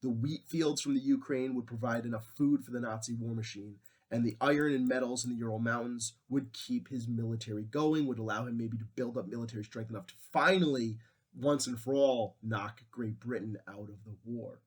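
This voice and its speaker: A man's voice: medium pitch, fairly even intonation, fairly quick, breathy edge. A man teaching history in a casual lecture, conversational and full of fillers.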